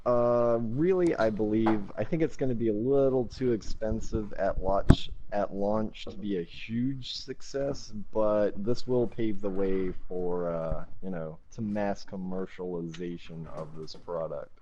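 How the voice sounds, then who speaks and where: A man's voice: lowish voice, unhurried, hardly any pauses, mellow. A man co-hosting a gaming podcast, giving thoughtful opinions with hesitant fillers. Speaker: podcast co-host. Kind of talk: casual gaming podcast chat. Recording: dull lo-fi mic.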